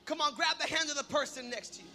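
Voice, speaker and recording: A man preaching a sermon, shouting in bursts and then dropping to quiet prayer. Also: extremely high pitch, animated, fast. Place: church hall. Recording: long hall reverb with music behind.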